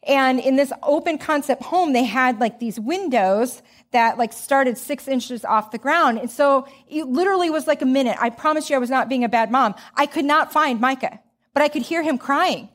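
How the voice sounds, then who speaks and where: Middle-aged woman, chatty storytelling preacher, slightly high voice. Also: moderate pace. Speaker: speaker. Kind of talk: sermon.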